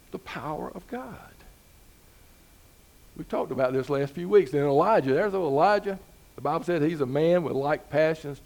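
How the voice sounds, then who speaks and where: Conversational preacher man, higher voice. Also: a little mellow. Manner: conversational preaching with rising emphasis and rhetorical questions. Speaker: pastor. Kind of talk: sermon.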